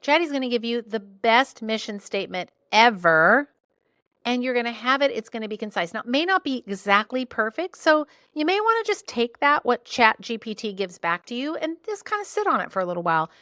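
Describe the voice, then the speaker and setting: A woman hosting a solo podcast, coaching listeners in an animated, playful way with jokey asides. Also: fairly high pitch, brisk, no echo, clean studio sound. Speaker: podcast host and business coach.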